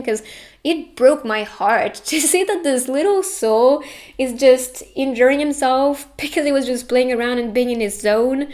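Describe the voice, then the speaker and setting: A young woman giving a casual tarot reading, earnest and reassuring, getting tearful at times. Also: fairly high pitch. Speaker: tarot reader.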